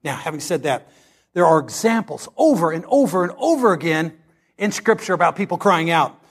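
A pastor delivering a sermon, reading scripture dramatically and preaching with passion. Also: male voice, on the high side, big pitch swings, fairly quick, gravelly, breathy edge.

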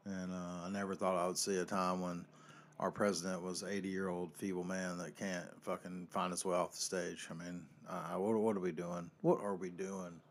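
A man from North Carolina, hosting his own podcast in a profane, ranting monologue that swings between yelling and muttering. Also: deep voice, flat delivery, moderate pace. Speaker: podcast host.

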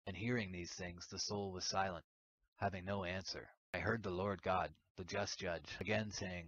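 A man giving a steady, solemn reading of an archaic religious text. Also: low-pitched, moderate pace. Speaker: reader. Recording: dull lo-fi recording.

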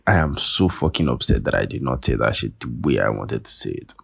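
A young man with a Nigerian accent rants on his podcast, profane and sarcastic. His voice sits very low with a gravelly fry, and it comes through husky. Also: lively intonation, fairly quick, hardly any pauses. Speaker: podcast host. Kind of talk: casual monologue.

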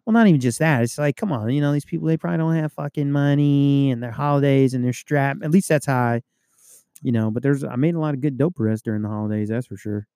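A man, a police officer and podcast co-host, chatting casually with profane, animated storytelling. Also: medium pitch, fast talker, clean tone, dry recording, clean studio sound.

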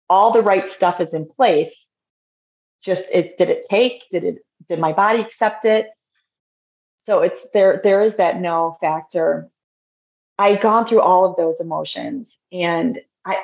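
A woman's voice: fairly low pitch, darkish tone. A middle-aged woman, a podcast guest, telling her personal faith story in an earnest, heartfelt way, often restarting sentences. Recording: dull lo-fi audio.

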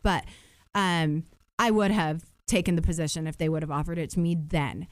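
A woman's voice: low voice, fairly even intonation, moderate pace, no echo, studio quality. A woman telling stories in a casual chat, with lots of fillers and restarts. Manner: chatty storytelling, many fillers and restarts. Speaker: podcast guest.

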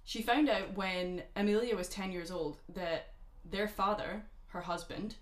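Sarcastic woman telling a dark story. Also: medium pitch, steady tone, a little slow, roomy sound. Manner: sarcastic, swearing, dark humor. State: drinking gin. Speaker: podcast co-host telling a true crime story. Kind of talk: casual storytelling chat.

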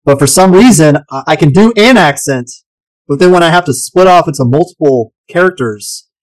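Animated, joking male podcast co-host. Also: on the high side, moderate pace, dry recording, poor audio. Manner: animated, jokey, swears freely. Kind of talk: casual chat over whiskey.

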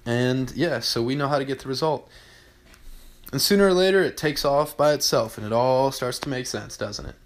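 A man's voice: medium pitch, moderate pace. Blunt, profane man hosting a podcast. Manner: blunt, profane, repeats points for emphasis; often clears throat. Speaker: podcast host. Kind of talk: solo podcast monologue.

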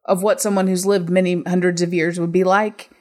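A woman's voice: on the low side, little pitch movement, a little fast, darkish tone. A woman with a Mancunian accent chatting casually about a film, wry and teasing. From Manchester area, England. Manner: wry, teasing, laughs often. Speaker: co-host discussing a film. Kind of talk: casual chat.

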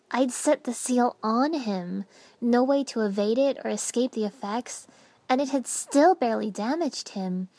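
A woman narrating a first-person story with dramatic expression, dropping to hushed whispers at tense moments. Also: on the high side, a little slow. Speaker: audiobook narrator.

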